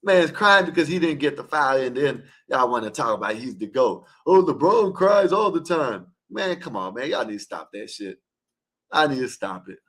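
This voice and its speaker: This caller to an online open panel has a mid-range, expressive voice with a sharp tone and a moderate pace. He argues a heated, casual sports debate emphatically and repetitively, scolding his listeners as he goes.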